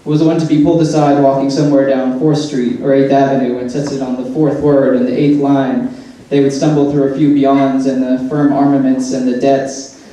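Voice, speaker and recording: A man's voice: medium pitch, level tone, moderate pace, few pauses, dark tone. A man reading a humorous personal essay aloud, with wry, dry asides. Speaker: essay reader. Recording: echoey room, mic far off.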